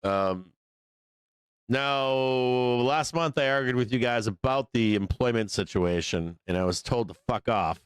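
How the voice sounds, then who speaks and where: A man's voice: mid-range voice, measured pace, clean tone, dry recording. A man hosting a live stock market stream, talking casually and ranting with frustration, swearing freely and laughing often. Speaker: stock market show host.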